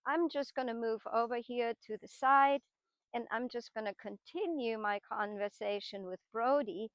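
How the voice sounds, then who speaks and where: Casting note: middle-aged woman, horse trainer, patient teaching tone, slightly high voice, dry close sound. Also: normal speed, dry recording. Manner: patient, explanatory, with frequent tag questions. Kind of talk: explanatory teaching talk while working horses.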